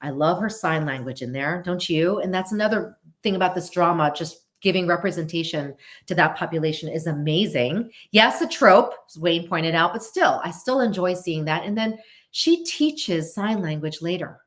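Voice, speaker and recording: A woman hosting a casual live stream, answering viewer questions in an animated way, thinking aloud and often asking viewers whether they agree. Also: fairly low pitch, moderate pace. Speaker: host of a live show.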